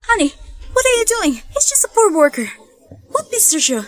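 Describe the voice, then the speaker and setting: An actress dubbing a snobbish rich wife who mocks and then pleads. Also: female voice, extremely high pitch, sing-song, a little fast, dry recording, studio quality. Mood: mocking. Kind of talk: English drama dub.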